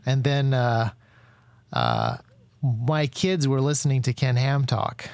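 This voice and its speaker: A man's voice: medium pitch, lively intonation, slow pace, gravelly, a little mellow, clear, resonant tone, dry recording. A man hosting a casual interview, talking in a rambling way with many fillers and self-corrections. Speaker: podcast host.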